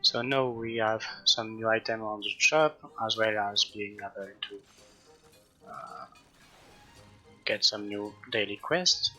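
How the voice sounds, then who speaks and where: A man hosting a gaming channel, commenting casually and a little haltingly over his gameplay. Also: on the low side, faint music behind. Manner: relaxed, halting, with fillers.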